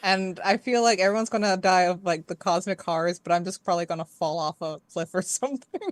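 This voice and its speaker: A woman's voice: fairly low pitch, steady tone, fast, no echo. A woman playing in a tabletop game, chatting casually in a wry, laid-back way. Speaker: player. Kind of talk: casual chat on a stream.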